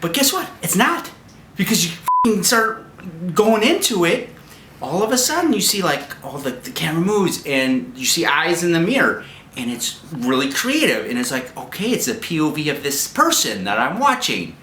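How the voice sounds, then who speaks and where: Profane male movie reviewer, rambling and animated, recorded in a noisy, echoey house. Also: fairly high pitch, moderate pace. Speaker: movie reviewer, show host. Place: a friend's house at night. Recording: roomy home recording with noise.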